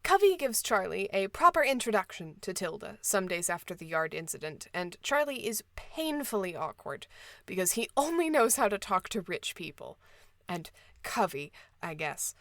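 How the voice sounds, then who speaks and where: A woman's voice: medium pitch, very animated, moderate pace, a bit bright, dry recording. A woman hosting a book podcast, summarizing a novel with wry, sarcastic asides. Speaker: podcast host.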